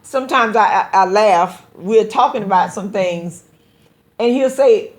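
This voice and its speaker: A woman's voice: medium pitch, measured pace. A woman pastor hosting a call-in show, talking to listeners in an earnest, exhorting preaching style and often repeating words as she builds a point. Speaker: pastor and radio show host.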